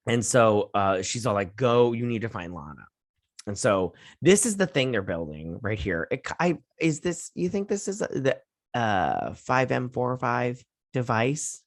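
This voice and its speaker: A man's voice: medium pitch, very animated, measured pace, dry recording, studio quality. A man hosting a TV review, recapping an episode in a chatty, sassy way, retelling scenes with lots of "she's like.". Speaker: TV review host.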